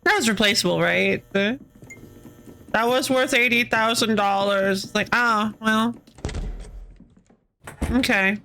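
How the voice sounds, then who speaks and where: Bright-voiced woman streaming a game. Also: on the high side, takes it slowly, pauses often, a little hiss or hum. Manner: rambling, playful, laughs often. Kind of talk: casual let's-play commentary.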